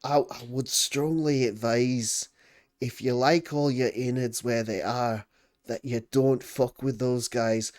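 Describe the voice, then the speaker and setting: A man voicing a nervous half-orc tavern keeper who speaks low and slowly, warning of danger. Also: fairly even intonation, darkish tone, close to an everyday voice. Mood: hushed warning.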